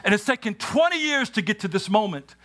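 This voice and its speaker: A man preaching a sermon in a church, animated, acting out scenes and shouting at the peaks. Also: high-pitched, a little fast. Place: church sanctuary.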